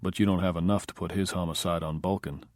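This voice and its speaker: A man's voice: low-pitched, fairly even intonation, fast talker, a little mellow, no room sound, natural voice. A man doing a cool, dry-talking tough guy. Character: cool, unflappable male Hollywood operator.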